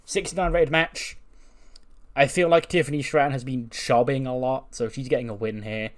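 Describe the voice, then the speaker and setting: A man's voice: medium pitch, fairly even intonation, moderate pace. Chatty man recapping a game. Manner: chatty, laughs and swears, restarts mid-sentence. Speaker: game commentator. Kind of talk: casual let's-play recap.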